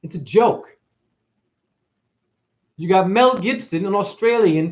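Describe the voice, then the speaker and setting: A man from New England delivers a rambling, profane monologue to camera. His voice sits a little high for a man. He is sarcastic throughout, jumping from loud outbursts to near-whispered asides. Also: animated, slow pace, long pauses. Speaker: spiritual video host.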